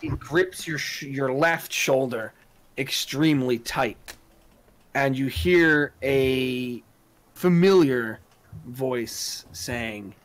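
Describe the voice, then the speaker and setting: A man narrating as game master of a tabletop role-playing game, halting often with fillers and restarts. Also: mid-range voice.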